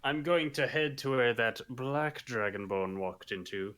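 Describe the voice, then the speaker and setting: A man's voice: medium pitch, fairly bright tone. A man joking around as a player in a tabletop game. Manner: joking, drawn-out.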